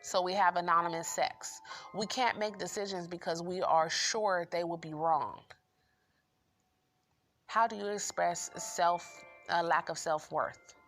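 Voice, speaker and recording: A woman's voice: lowish voice, a little slow, fairly bright tone. A woman hosting a book review channel, talking loosely and encouragingly and repeating affirmations. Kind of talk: casual spoken book review. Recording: music playing behind voice.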